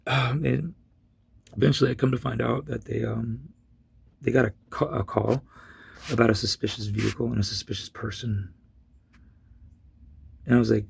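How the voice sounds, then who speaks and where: A man with a gravelly, husky voice casually telling a long personal story, rambling with many restarts and getting loud when he retells his own yelling. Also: medium pitch, a little fast, long pauses.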